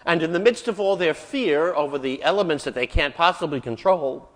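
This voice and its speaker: Priest preaching in an echoing church. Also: male voice, fairly high pitch, brisk. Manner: storytelling, acting out quoted lines with raised voice. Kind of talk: sermon. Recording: church hall reverb.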